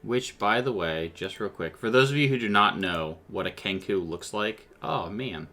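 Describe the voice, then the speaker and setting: A man running a tabletop game for a live stream, talking to his players and the chat. His voice sits a little low yet sounds bright and forward, and he livens scenes with silly vocal sound effects. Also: normal speed, soft background music. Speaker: game master.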